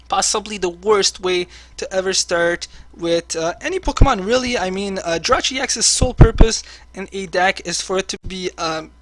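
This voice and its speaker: A man's voice: high-pitched, fairly bright tone, no echo. A man commentating his own online card game match as he plays, chatty and full of filler words. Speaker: online card game player and channel host. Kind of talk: live gameplay commentary.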